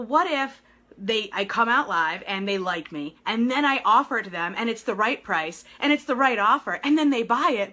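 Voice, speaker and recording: Bright, animated woman business coach. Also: a little high. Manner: animated and encouraging, with quick laughs. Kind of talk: live video coaching talk.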